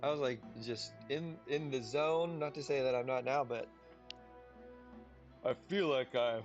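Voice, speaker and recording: A man's voice: medium pitch, normal speed, highs cut off, soft background music. A tired man chatting casually with viewers while he plays through a game. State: tired, yawning. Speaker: game streamer. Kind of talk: casual livestream gameplay commentary.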